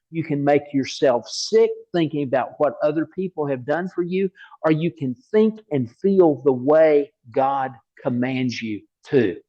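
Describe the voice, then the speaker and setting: A man preaching a sermon in a slightly high voice, telling stories with lively energy. He repeats key words for emphasis. The recording sounds dull and lo-fi. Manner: animated storytelling with repeated words.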